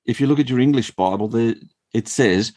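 A man's voice: medium pitch, brisk, no echo. Chuckling man explaining scripture. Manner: animated storytelling with frequent chuckles. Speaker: Bible teacher and former school principal. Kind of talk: explanatory Bible talk.

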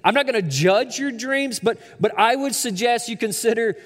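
A man voicing a grieving older widowed woman, gentle and resigned, trailing off softly. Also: very high-pitched, normal speed, big-room sound, pitched above the performer's own voice.

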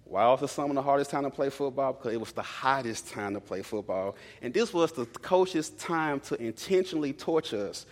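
Young preacher in a reverberant hall. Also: male voice, medium pitch, animated, a little fast, few pauses. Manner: casual, conversational, repeats for emphasis. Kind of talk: storytelling sermon.

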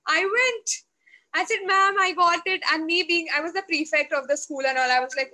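A woman with an Indian accent, a guest telling a story in a casual, lively way and acting out the quotes. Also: very high voice, normal speed, low-quality recording. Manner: lively, animated, acts out quotes.

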